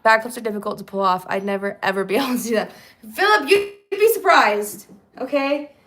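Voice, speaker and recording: Talking very fast in a mid-range, somewhat bright voice, a young female singer streams live from a small basement apartment. She keeps things casual with her audience, giggling frequently as she reads their comments aloud.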